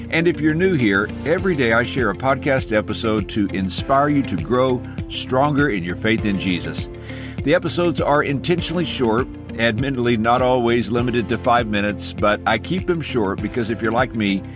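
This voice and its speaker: A man hosting a short devotional podcast, speaking in an earnest, encouraging and personal way. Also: fairly low pitch. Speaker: podcast host and devotional teacher.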